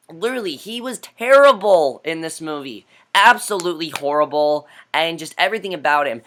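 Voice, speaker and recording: A man's voice: sits high, pushed and bright. A man giving an exasperated, blunt, profane rant as a film reviewer.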